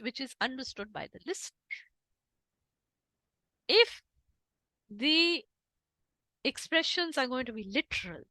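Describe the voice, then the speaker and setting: Animated woman with Indian English accent. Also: high-pitched, dry recording, low-quality recording. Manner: emphatic, animated lecturing with demonstrations. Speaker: guest speaker on interpreting. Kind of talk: online talk.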